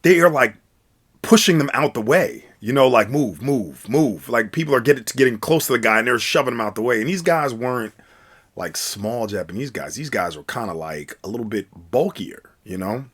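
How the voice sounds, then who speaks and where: A man's voice: medium pitch, expressive, fairly quick, fairly bright tone, breathy edge. A man telling a casual personal story, rambling with many fillers and restarts. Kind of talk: casual spoken anecdote.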